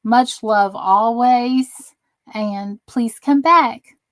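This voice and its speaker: A woman's voice: on the high side, very slow, no room sound, rough recording. A tired woman chatting casually with viewers while she crafts on a live stream. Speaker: crafting livestream host.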